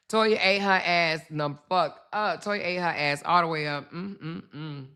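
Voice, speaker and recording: Woman host, bright voice, blunt, profane, repeats herself, livestream chat on a phone or computer mic. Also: on the low side, slow, hardly any pauses, clear, resonant tone. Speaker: channel host. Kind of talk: casual livestream commentary.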